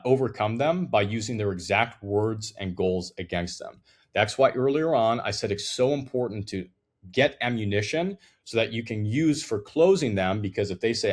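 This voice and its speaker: A man's voice: fairly low pitch, expressive, normal speed. A man teaching a sales call process, emphatic and direct, checking in with "okay?" and acting out sample lines for a client. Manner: acts out sample client dialogue in quotes. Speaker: sales trainer. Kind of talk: instructional talk to camera.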